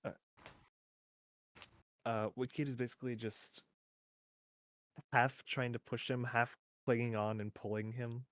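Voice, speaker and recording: A player in a tabletop role-playing game, describing a character's actions with jokes and quick laughs. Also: medium pitch. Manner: lively, joking, quick to laugh. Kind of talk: casual tabletop play.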